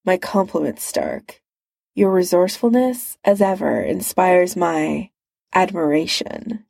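A woman voicing a haughty male armored tyrant in a storybook reading, slow and clipped. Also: lowish voice, expressive, gravelly, darkish tone, dry recording, studio quality, full character voice. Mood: disdainful.

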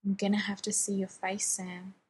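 In a fan fiction reading, a woman voices a grieving young man pleading softly and apologetically with his younger brother. Her voice is medium-pitched, husky and monotone, at normal speed, with a pleading mood.

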